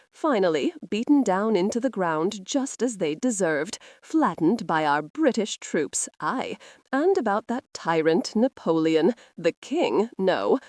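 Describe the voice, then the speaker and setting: A woman reading a romance audiobook in an expressive, scripted narration. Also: mid-range voice, dry recording, clean studio sound.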